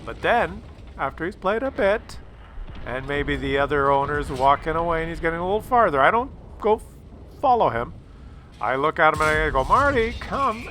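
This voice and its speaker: A man giving casual, animated commentary on gameplay, chatty and swearing freely. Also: on the high side, slight background noise. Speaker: gaming video commentator.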